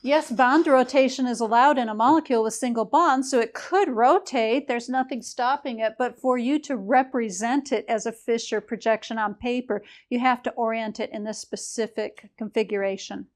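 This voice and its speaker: A woman's voice: fairly high pitch, steady tone, moderate pace, few pauses. A woman lecturing a chemistry class in a casual, explanatory way, with a few fillers as she goes.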